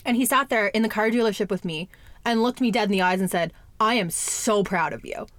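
Young woman just talking it out, chatty and blunt, mid pitch, dry close mic. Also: fairly quick, a bit bright, dry recording. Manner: candid, chatty, fillers and swearing. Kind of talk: casual personal chat.

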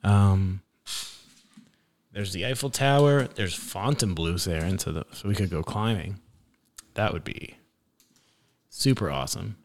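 A young father chatting casually with his little daughter in a playful, gentle, teasing way. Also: sits low, a little slow, long pauses.

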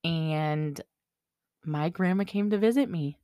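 A woman with a fairly low voice tells a story in loose, chatty podcast talk. She's blunt and swears constantly, leaning on "like" as she goes. The sound is close and dry, with no room echo. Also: slow pace, dark tone. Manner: blunt and heavily profane, with lots of "like". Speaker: podcast co-host. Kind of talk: casual storytelling chat.

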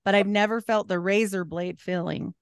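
A woman's voice: medium pitch, steady tone, normal speed, smooth, dry recording, clean studio sound. A woman in her forties, a longtime nurse, chatting emphatically at a party. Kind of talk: casual chat.

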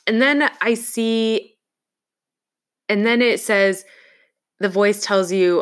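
In casual conversation, a woman with a mid-range voice tells a personal story, earnest and reflective, pausing haltingly.

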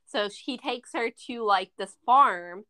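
A woman's voice: on the high side, slow, pushed and bright. A woman co-hosting a casual movie review podcast, retelling the plot at length and acting out the characters' lines. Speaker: podcast co-host.

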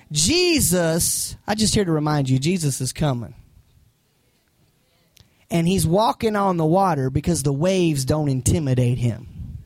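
A man preaching a sermon as pastor, animated and acting out voices from the story. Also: high voice, no room sound.

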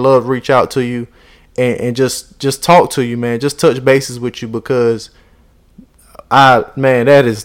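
A man hosting his own motivational podcast, talking in an earnest, rambling way with many restarts and repeats. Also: medium pitch. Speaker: podcast host. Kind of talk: motivational monologue.

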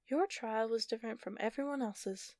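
A woman's voice: a little high, moderate pace, a little mellow, dry recording, lightly acted. Sly mocking sorceress, as a woman narrator puts her on. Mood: taunting. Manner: dry, taunting, knowing.

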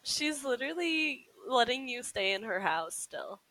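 Bright, dry-sounding chatty woman. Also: on the high side, sing-song, no echo, rough recording. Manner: chatty, laughs often, quotes characters in quick put-on voices. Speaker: podcast co-host. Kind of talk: casual chat.

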